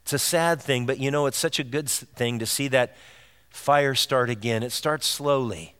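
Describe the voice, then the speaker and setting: A man's voice: medium pitch, moderate pace, fairly bright tone, smooth. A man preaching a sermon as pastor, earnest and direct, asking his listeners rhetorical questions. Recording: long reverb of a large hall.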